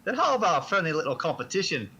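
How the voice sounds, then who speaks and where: A man's voice: fairly high pitch, big pitch swings, very fast, pushed and bright, husky, exaggerated voice. A man playing a crude, hard-drinking man who calls everyone dearie and swears a lot. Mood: cheeky. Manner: crude and cheeky, swears often.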